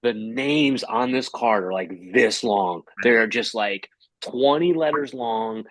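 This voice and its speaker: A man who hosts game shows, a guest telling a story with lively energy. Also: mid-range voice, slow, dry recording. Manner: lively, acts out quotes in raised voice. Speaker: game show host, guest. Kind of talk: animated storytelling.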